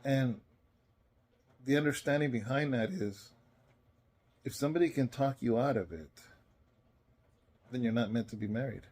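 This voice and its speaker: Tired pastor guy rambling thru a casual sermon, warm mellow voice, mid pitch. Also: animated, moderate pace, long pauses. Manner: earnest, conversational, rambling. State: tired, yawning. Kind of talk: casual spoken devotional message. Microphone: self-recorded.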